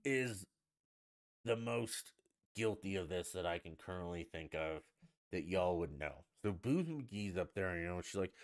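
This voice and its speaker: Low-voiced man ranting profanely. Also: expressive, unhurried. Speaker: livestream host. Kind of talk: casual ranting chat.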